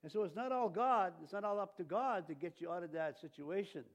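A man preaching a sermon in a conversational way, full of fillers and restarts, with sudden loud bursts of emphasis. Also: sits high, fairly quick.

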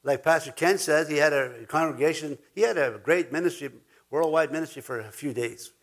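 A man's voice: on the high side, brisk. A man preaching a sermon as pastor, emphatic, repeating words for stress and now and then chuckling.

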